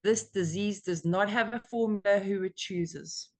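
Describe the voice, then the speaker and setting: An American woman leading a recovery meeting on a video call, talking in an earnest, emotional and animated way. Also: medium pitch, measured pace. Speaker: meeting leader.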